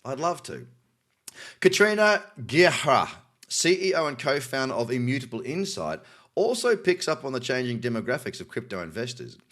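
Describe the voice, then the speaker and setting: An Australian man hosts a news roundup in a casual, talkative way. His voice sits at an ordinary middle pitch, and he breaks off from reading to add wry, cynical comments. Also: sing-song, fairly quick, a bit bright. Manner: cynical, chatty asides while reading articles. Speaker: crypto news host.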